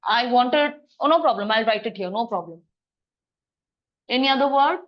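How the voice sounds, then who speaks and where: A woman teaching a grammar lesson in a classroom, brisk and coaxing as she quizzes students. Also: on the high side, lively intonation, lo-fi sound.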